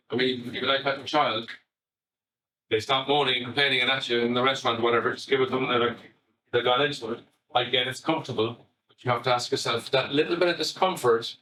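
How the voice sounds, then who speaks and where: A man's voice: mid-range voice, sharp tone. Chatty Irish man in an echoey hall. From Ireland. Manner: chatty, anecdotal, with frequent restarts and asides. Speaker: family psychotherapist giving a talk. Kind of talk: live talk to parents. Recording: echoey room, far from the mic.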